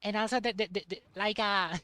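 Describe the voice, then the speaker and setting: A young man streaming a game, chatting casually in a halting way and repeating words. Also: high-pitched, steady tone, sharp tone, smooth, dry recording. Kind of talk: casual chat while playing a game.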